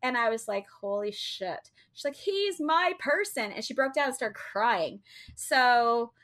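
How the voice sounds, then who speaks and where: Casual woman co-host, bright voice, rambling anecdote delivery. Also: fairly high pitch, a little slow. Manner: chatty storyteller, many fillers and restarts. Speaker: co-host telling a travel story. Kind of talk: casual chat.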